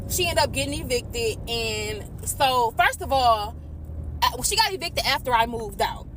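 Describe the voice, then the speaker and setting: A woman's voice: a little high, a bit bright, slight background noise. A woman in her twenties venting about a personal grievance, swearing, frustrated and holding back tears. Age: 20s. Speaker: vlogger. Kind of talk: emotional vent.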